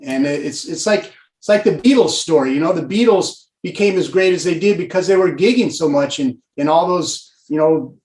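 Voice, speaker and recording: A man in his sixties from Pasadena, a guest telling stories in a rambling, animated way with lots of fillers. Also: a little high, normal speed, few pauses, roomy sound. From Pasadena, California. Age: 60s. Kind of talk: casual storytelling.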